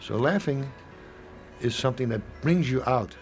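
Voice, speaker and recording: A man in his seventies speaking in an interview, rambling and halting, often acting out little snatches of dialogue. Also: medium pitch, animated, faint music behind. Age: 70s. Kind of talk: reflective interview talk.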